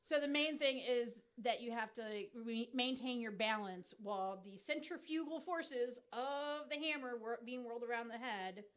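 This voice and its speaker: A woman co-hosting a casual podcast chat, explaining things at length with many pauses and fillers. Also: on the high side, a bit bright. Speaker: podcast co-host.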